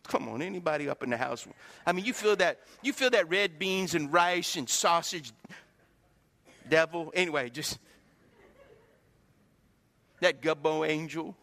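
A man's voice: fairly high pitch, lively intonation, measured pace, pauses often, bright, forceful tone. A middle-aged man preaching a folksy, joking sermon, acting out the voices he quotes. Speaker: pastor. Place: church sanctuary. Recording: reverberant hall.

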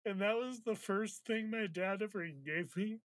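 A man's voice: sits high, unhurried. A man in a casual conversation, telling a personal story candidly, swearing freely and getting emotional as he talks. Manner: reflective, gets emotional while recounting.

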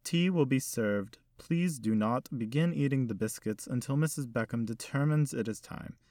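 A man voicing an old butler who speaks in a stiff, ceremonious and slow manner. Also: medium pitch, dark tone, no echo, clean studio sound, voice pushed up, close to an everyday voice. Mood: formal.

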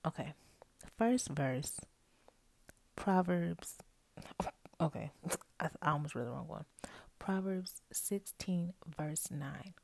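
A woman's voice: sits low, expressive, takes it slowly, vocal fry, long pauses, a little mellow. A young woman hosting a podcast, talking casually and mostly in a whisper into an earphone microphone, correcting herself as she goes. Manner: chatty, self-correcting, talks to listeners as y'all. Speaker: podcast host. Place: bedroom at night, roommate asleep nearby. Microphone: earphone microphone held close.

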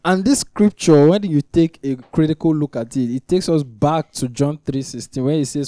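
Earnest preacher guy, mellow warm tone, dry close sound, keeps repeating his points. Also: on the high side, moderate pace, hardly any pauses, no room sound. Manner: earnest, repeats key phrases for emphasis; builds to louder, emphatic preaching. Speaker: preacher leading a weekly teaching meeting. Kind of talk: sermon teaching.

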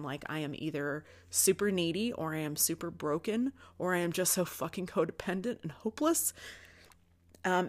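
Low-voiced woman, raw and candid. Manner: candid, swears often, talks openly about her feelings. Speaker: podcast host. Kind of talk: confessional spiritual monologue.

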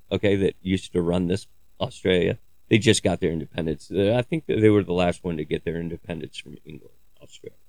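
Low gravelly man rambling with crude jokes. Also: a little mellow, no room sound. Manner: crude, joking, digressive, swears freely. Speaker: podcaster. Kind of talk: rambling casual monologue.

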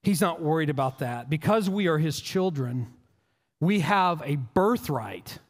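A man's voice: on the high side, lively intonation, unhurried, big-room sound. A male pastor preaching a sermon in an earnest, conversational way, often repeating words as he restarts.

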